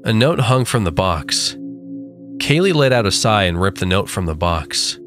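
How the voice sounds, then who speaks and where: A man with a low voice reads a horror tale, letting his pitch rise and fall dramatically. Soft music sits beneath the narration. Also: very animated. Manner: measured, dramatic storytelling. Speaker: creepypasta narrator. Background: faint background music.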